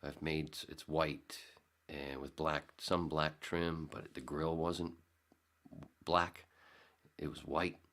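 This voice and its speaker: A man's voice: very deep voice, level tone, slow, fairly bright tone. A man hosting his own podcast, rambling casually and sarcastically, swearing freely. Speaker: podcast host. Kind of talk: casual solo podcast talk.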